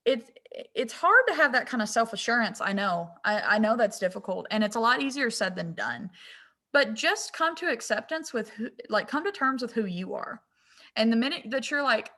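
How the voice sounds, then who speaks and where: A woman's voice: a little high, lively intonation, sharp tone. A young woman, chatting candidly as a guest designer and laughing at herself. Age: young adult. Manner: candid, self-deprecating, quick to laugh at herself. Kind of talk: casual interview chat.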